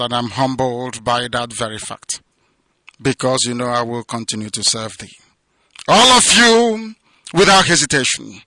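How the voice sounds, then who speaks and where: Fervent Nigerian man with a piercing voice. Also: no room sound. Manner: declamatory, swinging from loud fervent peaks to low hushed passages. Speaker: movement leader giving a radio broadcast. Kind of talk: impassioned radio address.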